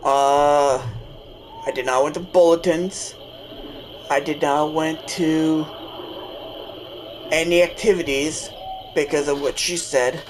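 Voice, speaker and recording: A man casually tells a personal story while playing a game, rambling and correcting himself as he goes. He speaks slowly and his voice sits a little high. Noticeable background noise runs under the recording. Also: fairly even intonation. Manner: rambling, restarts and self-corrections. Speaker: gamer telling a story. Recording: noisy background.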